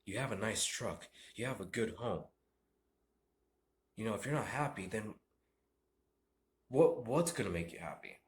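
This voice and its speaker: A man's voice: on the low side, animated, a little slow, pauses often. Rambling preachy young man in an echoey room. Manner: rambling, repeats and restarts, preachy. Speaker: vlogger. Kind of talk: ranting monologue.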